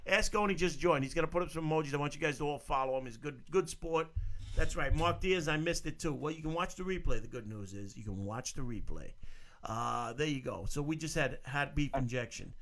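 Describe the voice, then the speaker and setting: A man's voice: a little high, a little fast, a bit bright. A man hosting a crude comedy call-in podcast, brash and profane, laughing often. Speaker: podcast host.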